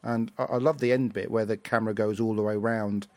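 A man's voice: on the low side, steady tone, brisk, darkish tone, no echo. A man hosting a casual review chat, rambling and hesitant with many fillers. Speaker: podcast host.

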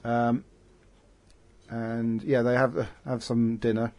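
A man's voice: medium pitch, flat delivery, slow pace, darkish tone. Rambling man hosting a chat. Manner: rambling, many fillers and restarts. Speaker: podcast host. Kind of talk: casual chat.

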